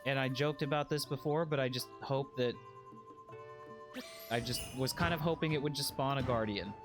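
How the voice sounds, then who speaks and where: A man streaming a video game, chatting in a playful, joking way and breaking into excited squeals. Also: medium pitch, moderate pace, over music. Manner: puts on a put-on accent by habit. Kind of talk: casual let's-play commentary.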